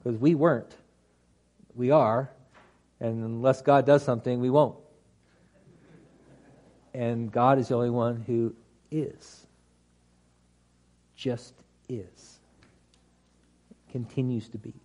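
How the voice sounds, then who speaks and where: A man's voice: medium pitch, steady tone, slow, long pauses, dark tone, highs cut off. A man teaching a Bible study class to a group, talking through the text conversationally with restarts and dry humorous asides.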